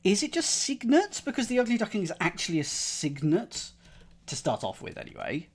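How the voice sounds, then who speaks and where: A man streams himself working through a crossword, thinking aloud as he goes. His voice swings up and down in a lively way, and he shifts between playful asides and quiet muttering to himself. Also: sits high, a little fast, husky. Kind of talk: live-stream puzzle solving, thinking aloud.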